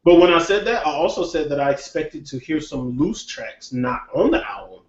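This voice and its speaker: Podcast host, man, blunt and opinionated, slightly high, lo-fi echoey room. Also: animated, moderate pace. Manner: opinionated, blunt, swears, laughs often. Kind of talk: casual hip hop podcast chat.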